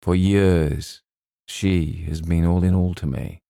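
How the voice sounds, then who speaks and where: A man voicing a stern, menacing old male colonel who speaks in a quiet, grave way. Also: deep voice, fairly even intonation, slow, vocal fry, dry recording, studio quality, exaggerated voice.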